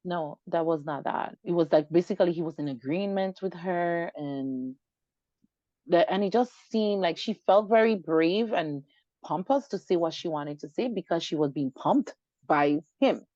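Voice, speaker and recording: Animated woman telling her story. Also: on the low side, moderate pace, no echo. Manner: animated, acts out quoted dialogue. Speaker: guest. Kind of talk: personal storytelling interview. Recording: dull lo-fi dry recording.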